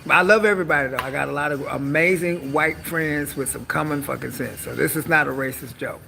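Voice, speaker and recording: Brief: woman, live-stream comic, brassy bright tone with fry, bawdy and sassy. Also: low voice, fairly quick, soft background music. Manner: sassy, bawdy, calls listeners honey. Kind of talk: stand-up style live-stream monologue.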